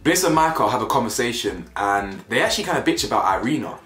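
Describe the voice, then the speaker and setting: Brief: young British male reviewer, blunt and slangy, big pitch swings, echoey room with faint music under him. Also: fast talker. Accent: British, with urban slang. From United Kingdom. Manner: animated, slangy, blunt, laughs at own jokes. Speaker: reality TV reviewer. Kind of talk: casual opinionated commentary. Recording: roomy echo, faint music behind.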